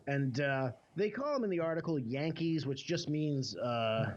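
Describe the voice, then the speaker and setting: A man with a somewhat high voice tells a story on a podcast in a loose, rambling way. He jokes along and leans on filler words. The recording is a bit muffled, with a faint hiss underneath. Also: expressive, measured pace. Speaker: podcast co-host. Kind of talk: casual chat, storytelling. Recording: slightly muffled podcast audio.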